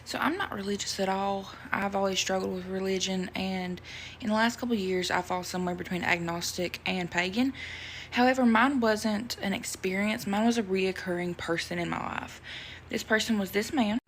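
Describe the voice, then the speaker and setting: A woman shares a personal story in an earnest, conversational way. Her voice is gravelly with plenty of fry, at a middle pitch. Faint noise sits underneath. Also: normal speed. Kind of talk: personal testimony.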